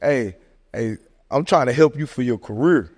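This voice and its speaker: A man talking sports casually on a podcast, animated and joking, tossing in "man" and "hey, look" constantly. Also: mid-range voice, normal speed. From American South. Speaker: podcast host. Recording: long hall reverb.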